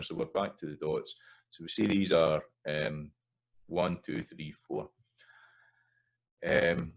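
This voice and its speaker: A man's voice: low-pitched, poor audio. A Scottish man explaining pronunciation over slides and saying example words and rhythms aloud to show how they sound. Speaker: language teacher.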